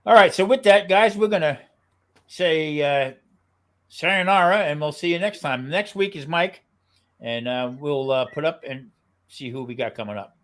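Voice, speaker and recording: A man's voice: fairly high pitch, normal speed. A man hosting a podcast, signing off in a casual, friendly way with loose filler words. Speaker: podcast host.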